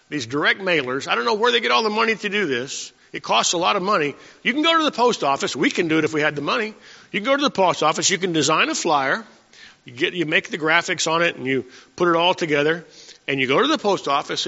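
A man's voice: a little high, creaky, bright, forceful tone. A man preaching a sermon as pastor, in a folksy way with chuckling asides and many restarts. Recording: dull recording in a reverberant hall.

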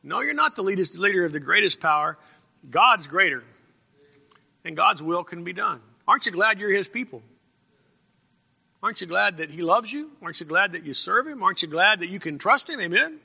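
A man delivers a sermon from the pulpit in a gravelly, sharp-edged voice. He clears his throat often and stumbles over repeated words as he builds his points. His voice rings out with the long reverb of a church hall. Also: high-pitched, expressive, brisk. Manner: frequent throat clearing and repeated false starts. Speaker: pastor.

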